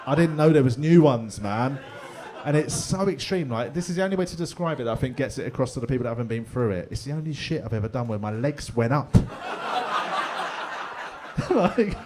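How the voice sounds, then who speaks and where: A man, telling a story in a stand-up comedy set in a pub, animated and bursting into mock voices. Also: mid-range voice, fast, crowd noise. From England. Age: 40s. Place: pub comedy room with live audience.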